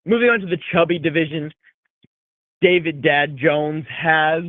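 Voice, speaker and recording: Man talking fast over tinny audio. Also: on the high side, no echo. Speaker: podcast host. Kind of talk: casual fantasy football talk with comic recap.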